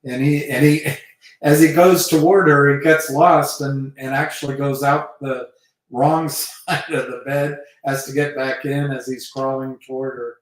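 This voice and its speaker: A man's voice: mid-range voice, fairly even intonation, unhurried. A man hosting a live stream, rambling hesitantly with many fillers. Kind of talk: casual rambling talk. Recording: very echoey room, mic far off.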